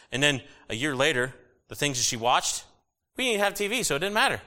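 A middle-aged man preaching a sermon, animated and jokey with sudden loud bursts. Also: on the high side, a little fast. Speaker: pastor.

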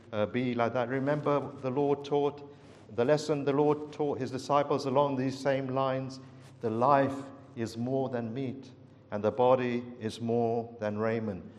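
A man's voice: fairly high pitch, a little mellow, a little hiss or hum. Earnest preacher man in a reverberant hall. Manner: earnest, dramatic storytelling with big swings. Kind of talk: sermon.

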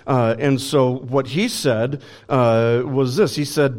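A man's voice: mid-range voice, fairly even intonation, slow, few pauses, a little mellow. A man preaching a sermon in a conversational way, with frequent fillers and restarts. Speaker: pastor.

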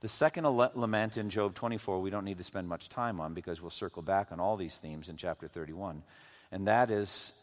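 A man's voice: low voice, brisk. A man preaching a sermon, reading scripture aloud and pressing his listeners with emphatic questions. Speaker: pastor. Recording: reverberant hall, voice from a distance.

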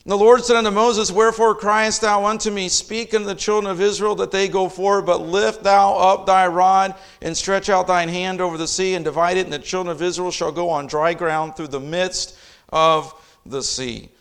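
A man preaching a sermon in a fairly high voice. He reads scripture aloud and swells into loud, impassioned emphasis on key lines. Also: steady tone, moderate pace, smooth. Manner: reads scripture in King James wording.

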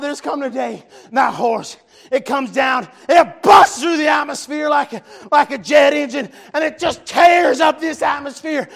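A man preaching a fervent revival sermon, often shouting and repeating refrains. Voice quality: gravelly, high-pitched voice.

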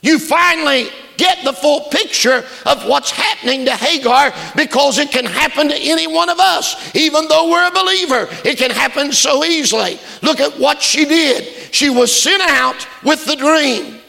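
A male preacher delivering a fervent sermon that builds to shouted emphasis. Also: very high-pitched, normal speed, gravelly, hardly any pauses. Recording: long hall reverb.

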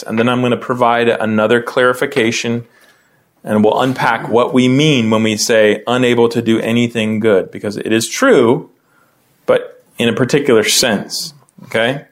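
Chatty man teaching a Bible class. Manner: conversational, calls on people by name to read; lively, often rising in pitch when explaining.

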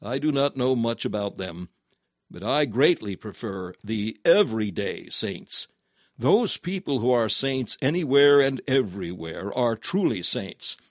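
Man, sermon reading, earnest, emphatic, measured, mid pitch, dry studio sound. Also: no echo. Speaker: preacher.

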